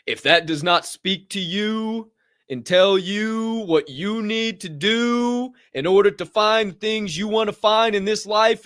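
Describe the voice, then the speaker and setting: An intense male podcast host with a somewhat high voice, preaching motivation and swearing freely. The sound is dry and close, with no room around it. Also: fairly bright tone, no room sound.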